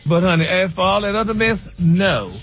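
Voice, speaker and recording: A man's voice: sits high, moderate pace, a bit bright. A man co-hosting a radio morning show, sassy and flamboyant, calling people honey. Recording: muffled radio broadcast with music bed.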